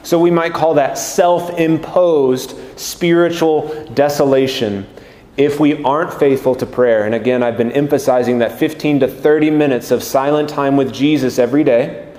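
A male priest giving a slow, gentle, earnest homily. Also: mid-range voice, steady tone. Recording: echoey room with long reverb.

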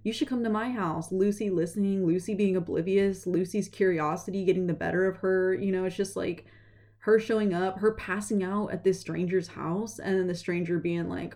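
A young woman casually retelling a story, chatty and animated, slipping into quick voices for the characters. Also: lowish voice.

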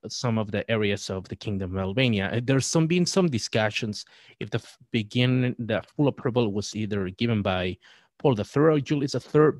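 A man appearing as a podcast guest, talking in a halting, scholarly way with frequent restarts. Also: on the low side, dry recording. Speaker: guest, Catholic writer and presenter. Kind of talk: podcast discussion.

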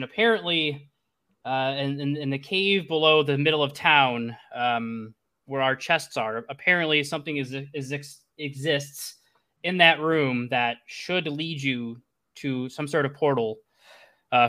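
A man's voice: fairly high pitch, sharp tone. A man voicing a flustered, grateful town mayor who stammers and hesitates as he speaks.

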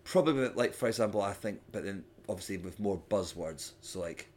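A young Scottish man, a stand-up comedian, chatting casually on a podcast and telling animated stories. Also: lowish voice, brisk, a little hiss or hum. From Scotland. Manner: animated storyteller, mimics hecklers with loud sudden shouts.

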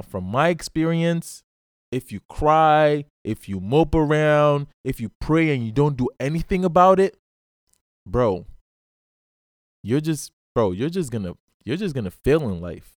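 A man's voice: mid-range voice, no room sound, clean studio sound. A man hosting his own podcast, giving a blunt, profane motivational monologue and repeatedly calling the listener bro. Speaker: podcast host.

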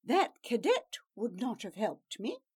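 A woman's voice: on the high side, wildly swooping pitch, slow, darkish tone, husky, heavily acted. A woman voicing a proud, defiant young princess who gives clipped, imperious orders in a storybook reading. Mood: commanding.

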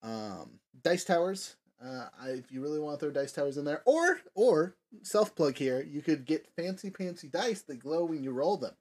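A man's voice: a little high, normal speed, hardly any pauses. A man hosting a casual tabletop gaming podcast, rambling with many fillers. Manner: rambling, filler-heavy, lively. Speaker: podcast host. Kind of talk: casual chat.

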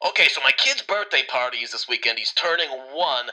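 A man's voice: mid-range voice, animated, brisk, bright, forceful tone, low-quality recording. A man calling in to a radio show, asking casual, chatty questions. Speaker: caller. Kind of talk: call-in radio chat.

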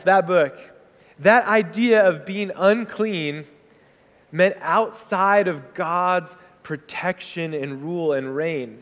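A man preaching a sermon as pastor, conversational and animated, slipping into quick acted asides. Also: on the high side. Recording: hall reverb.

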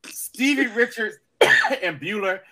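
High, bright-voiced man telling a story. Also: takes it slowly. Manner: animated, acts out quotes in raised voices. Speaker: podcast co-host. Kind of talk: casual storytelling chat.

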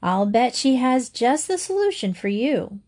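A woman's voice: on the high side, big pitch swings, unhurried, a little mellow, pitched above the performer's own voice. A woman reading aloud and voicing a breezy, matter-of-fact mother of five in a storybook.

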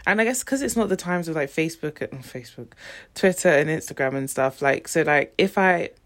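A woman's voice: low voice, animated, fairly quick, a bit bright. A woman co-hosting a podcast in casual chat, rambling with plenty of fillers. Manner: rambling, lots of "like". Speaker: podcast co-host.

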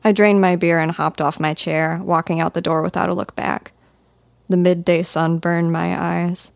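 A woman's voice: fairly low pitch, flat delivery, moderate pace, gravelly, no room sound. A woman narrating a first-person fantasy audiobook in a dry, wry storytelling manner.

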